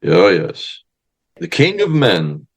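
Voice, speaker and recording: A man's voice: on the low side, slow pace, creaky, husky. A man, a wrestling manager and historian, telling stories casually in an interview and acting out the people he quotes. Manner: animated storyteller acting out quoted voices loudly.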